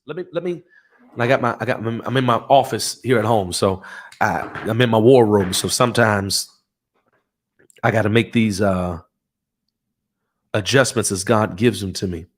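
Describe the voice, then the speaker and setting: Fervent preacher man, home livestream. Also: mid-range voice. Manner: fervent, call-and-response preaching with repeated phrases. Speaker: pastor. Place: home office.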